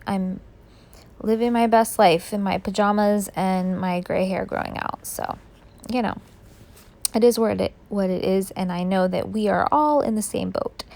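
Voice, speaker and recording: Woman, sleepy late-night voiceover, gravelly, rambly chat with lots of fillers. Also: mid-range voice, darkish tone. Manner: chatty, rambling, many fillers. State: sleepy, yawning. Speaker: scrapbooking video creator. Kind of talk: casual voiceover narration. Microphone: voice-over.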